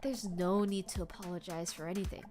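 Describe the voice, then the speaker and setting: A woman voicing a calm, reassuring male doctor in a game, speaking softly and a little lower than her own voice. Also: fairly quick, faint music behind, natural voice. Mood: soothing. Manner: soft, low, soothing.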